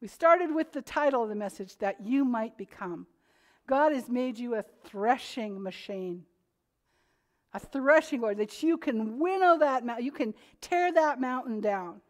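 A woman's voice: a little high, lively intonation, measured pace. A woman preaching a sermon to her congregation, earnest and growing emphatic when she reads scripture aloud. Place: church.

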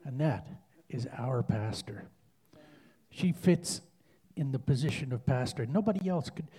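A man leading an earnest spoken prayer in church, halting and repeating himself as he speaks. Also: mid-range voice, animated, dark tone, slightly rough.

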